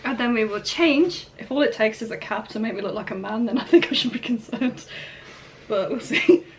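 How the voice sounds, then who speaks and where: A young woman hosting a language-learning vlog, chatting casually as she breaks down phrases, sounds out words slowly and laughs often. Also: fairly high pitch, animated, background noise. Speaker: vlog host learning Korean. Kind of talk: casual explaining of phrases and line-reading.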